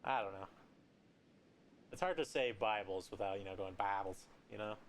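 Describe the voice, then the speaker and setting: A man from Colorado with a raspy voice, giving casual, rambling, joking commentary while he streams a game. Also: on the low side, animated, moderate pace, a little hiss or hum.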